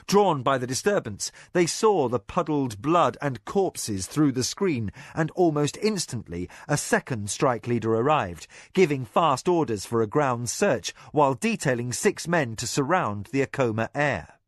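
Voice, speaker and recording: A man narrating a fantasy novel in an expressive, dramatic reading. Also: medium pitch, no room sound, studio quality. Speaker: audiobook narrator. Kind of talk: scripted narration.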